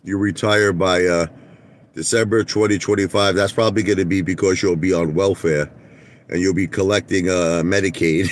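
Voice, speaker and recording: A man's voice: sits low, steady tone, normal speed, slight background noise. Profane ranting man, laughing. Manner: profane, laughing, acts out quotes in a raised voice. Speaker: vlogger. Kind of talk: casual rant to camera.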